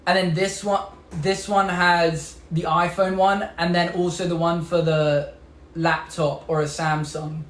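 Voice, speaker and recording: A man's voice: a little high, level tone, unhurried, a bit bright. A young man from England with a British accent hosts a casual live stream, chatting upbeat, showing off clothes and gadgets and answering viewer comments. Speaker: livestream host. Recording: echoey room with faint background noise.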